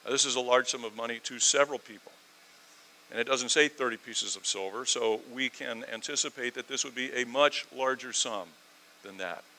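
A man preaching a sermon, animated, swinging from loud emphatic lines to quiet asides, with sarcastic rhetorical questions. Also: mid-range voice, moderate pace, slight background noise, rough recording.

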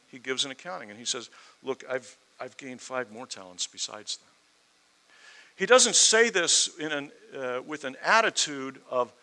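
Bright-voiced man preaching a sermon. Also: mid-range voice, low-quality recording. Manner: expository preaching, rhetorical questions, rising in fervor.

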